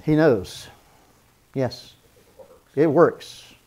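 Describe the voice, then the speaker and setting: A man's voice: mid-range voice, expressive, drawn-out words, darkish tone. A man teaching a marriage seminar as a pastor, earnest, repeating phrases for emphasis and acting out spoken apologies.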